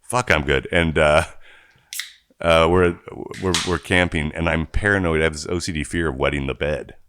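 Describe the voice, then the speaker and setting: A man's voice: rumbling low, fairly even intonation, moderate pace, noisy background. A man co-hosting a casual podcast chat who tells long, candid stories, acts out the people he quotes and laughs between lines. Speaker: podcast co-host.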